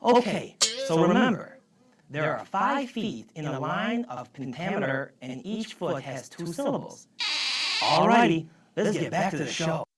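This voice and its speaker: A woman's voice: low-pitched, big pitch swings, measured pace, pitched below the performer's own voice. A woman explaining a lesson in a chatty, upbeat teaching manner. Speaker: explainer on the show. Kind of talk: educational explanation. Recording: echoey and distant.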